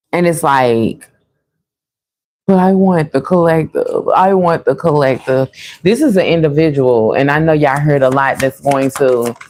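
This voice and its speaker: A woman giving a casual, chatty tarot reading to her viewers, laughing often and calling them y'all. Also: low-pitched. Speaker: tarot reader.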